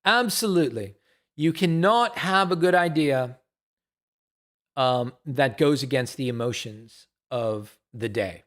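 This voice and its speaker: A man's voice: medium pitch, slow pace, a bit bright. A middle-aged man streaming live, ranting bluntly and swearing in a casual monologue.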